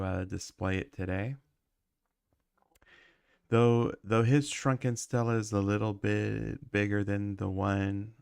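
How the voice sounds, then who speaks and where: A man's voice: fairly low pitch, gravelly, a little mellow, clean tone, no room sound, clean studio sound. A man who is sick with a cough, chatting casually while he livestreams his animation work and rambling with lots of ums and uhs.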